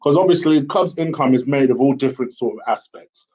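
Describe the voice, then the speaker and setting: A man's voice: medium pitch, fast, dark tone. A man talking casually to camera as a football fan vlogger, blunt and opinionated. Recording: slightly dull lo-fi audio.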